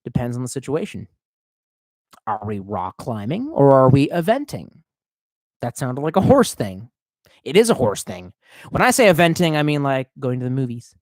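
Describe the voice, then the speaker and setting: A man's voice: mid-range voice, sing-song, moderate pace, pauses often, a little mellow, no echo. A tipsy man streaming live, reading out chat and rambling in a profane, off-the-cuff way. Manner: profane, rambling, swerving between mumbles and outbursts.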